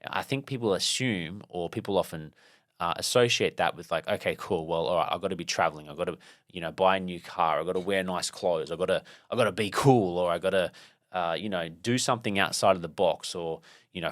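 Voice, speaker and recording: A man's voice: low-pitched, fairly bright tone, no echo, studio quality. A man hosting a podcast, telling a motivational story in a rambling, casual way with many fillers and restarts. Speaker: podcast host.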